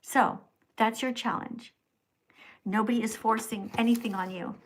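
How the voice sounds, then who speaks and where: A middle-aged woman hosting a livestream, reading paid chat messages aloud and lecturing the sender in a preachy, scolding way, dropping to hushed whispers and rising to loud outbursts. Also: on the high side, fairly even intonation, a little slow. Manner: preachy, scolding, repeats the commenter's name. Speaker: livestream host.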